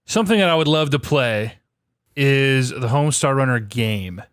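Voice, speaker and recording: A man's voice: medium pitch, moderate pace, clean tone, no echo, studio quality. A man co-hosting a casual gaming podcast, telling stories with lots of energy and frequent swearing. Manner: animated storyteller, swears freely. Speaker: podcast co-host.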